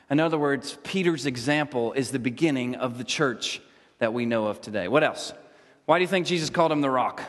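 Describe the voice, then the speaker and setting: A fairly high-voiced man teaches a Bible lesson to a group in a church, animated and joking as he quizzes them. The long echo of the hall trails after his words. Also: fairly quick. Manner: animated, jokey, asks the group questions.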